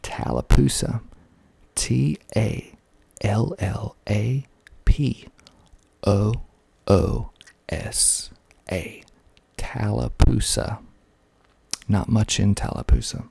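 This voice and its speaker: Guy doing soft asmr, dark husky voice, dry close mic, wry little asides. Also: lowish voice, big pitch swings, no echo. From Georgia, USA. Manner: slow, deliberate, half-whispered delivery with wry asides. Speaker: ASMR channel host. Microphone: close mic with pop filter.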